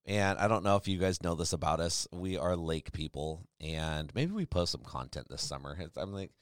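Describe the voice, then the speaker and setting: A man's voice: sits low, moderate pace, no echo, clean studio sound. A man in his forties hosting a casual chat, rambling and acting out quotes as he tells stories. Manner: rambling, animated storyteller who acts out quotes. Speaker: podcast host.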